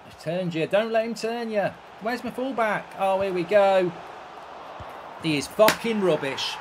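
A man's voice: high-pitched, a little hiss or hum. A man streaming gameplay, ranting and swearing in exasperation as he commentates. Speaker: streamer and host.

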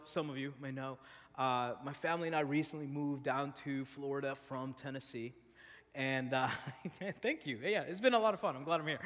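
A man preaching as pastor from a church stage, mixing scripture with casual, animated stories and frequent laughter. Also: fairly high pitch, long reverb tail. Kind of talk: sermon with personal storytelling.

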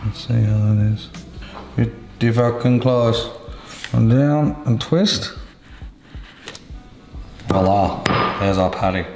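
An Australian man hosts a casual cooking vlog with easygoing banter and plenty of swearing. His mid-range voice bounces around a roomy kitchen. Music plays clearly underneath him. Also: medium pitch, slow, pauses often, a little mellow. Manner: crude, swears freely, laid-back banter. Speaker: cooking show host. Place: home kitchen.

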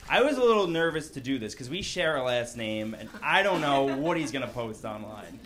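Deadpan Long Island stand-up man. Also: medium pitch. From Long Island, New York. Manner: crowd-work, deadpan asides, quick self-corrections. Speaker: stand-up comedian. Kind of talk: stand-up comedy set. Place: comedy club stage. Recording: loud background noise in live club.

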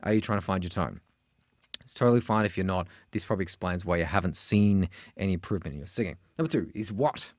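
A man with an Australian accent teaching a singing lesson, chatty and animated, breaking into sung examples. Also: fairly quick, no echo, studio quality. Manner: chatty, animated, jumps into high sung demos. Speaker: vocal coach.

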